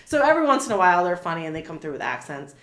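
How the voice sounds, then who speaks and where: A woman's voice: fairly low pitch, very animated, racing, roomy sound. A woman in her thirties chatting casually as an interview guest, full of fillers, restarts and little laughs. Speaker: animal communicator guest.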